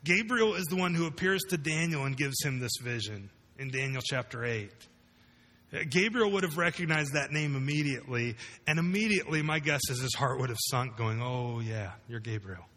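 A man's voice: fairly high pitch, lively intonation, brisk, pushed and bright, in a large hall. A man preaching a sermon to a room of listeners, conversational and full of rhetorical questions. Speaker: pastor. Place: large room with congregation.

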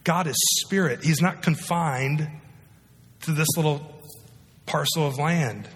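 A man's voice: a little high, slow. Guy preaching a sermon like he's just talking to you, lots of "you ever...?" questions, big echoey hall. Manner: conversational, asks the audience rhetorical questions. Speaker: pastor. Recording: long reverb of a large hall.

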